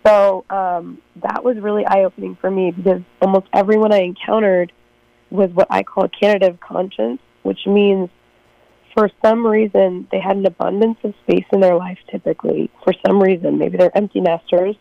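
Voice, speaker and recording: A woman guest on a radio talk show with a hoarse voice she has partly lost, speaking earnestly with many pauses and repeats. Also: medium pitch, steady tone, no room sound, highs cut off. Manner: earnest, lots of ums and repetitions. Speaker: guest, former campaign manager. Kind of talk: casual interview.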